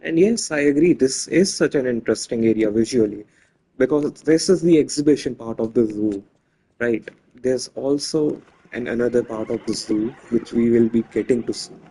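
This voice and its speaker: Husky, mellow-voiced man narrating gameplay. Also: mid-range voice, normal speed, poor audio. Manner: chatty, self-correcting, talks to viewers. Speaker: gameplay commentator. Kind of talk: casual let's-play commentary.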